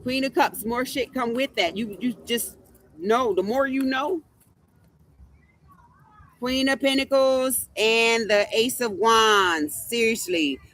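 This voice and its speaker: Brash, bright-voiced woman reading tarot. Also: fairly high pitch, slow pace, dry recording. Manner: brash, profane, boastful, repeats herself. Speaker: tarot reader and streamer. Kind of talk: casual livestream tarot commentary.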